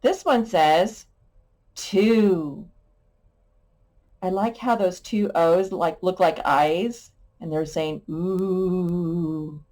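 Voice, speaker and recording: A woman's voice: lowish voice, drawn-out words, long pauses, a little mellow. A woman teacher giving a sight word lesson to young children, patient and playful, sounding out letters and adding little sound effects.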